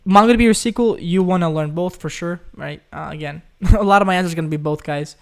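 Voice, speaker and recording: Young male live-stream host, from Ukraine, smooth slightly high voice, loose chatty delivery answering viewer questions. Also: fast talker. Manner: chatty, reads chat questions aloud, says "guys" often. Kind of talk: casual live Q&A.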